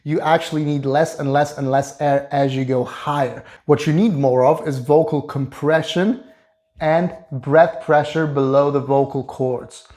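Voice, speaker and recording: A man who is a vocal coach, explaining singing technique in a calm, instructive way. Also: on the high side, unhurried. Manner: explains calmly, then sings short staccato and fry demonstrations. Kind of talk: singing lesson with sung demonstrations.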